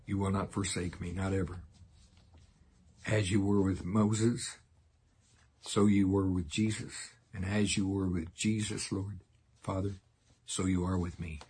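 An older man preaching a sermon in a folksy way, laughing often and slowing down to repeat lines solemnly. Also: low voice, a little mellow, husky.

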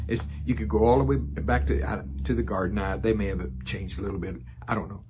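An older man preaching a sermon in a folksy way, laughing often and slowing down to repeat lines solemnly. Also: fairly low pitch, fairly even intonation, noisy background.

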